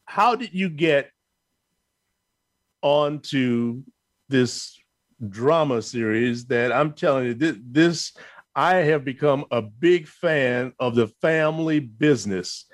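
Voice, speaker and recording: A man's voice: mid-range voice, slow, no room sound. A man hosting a talk show interview, enthusiastic, stammering a little as he starts his questions.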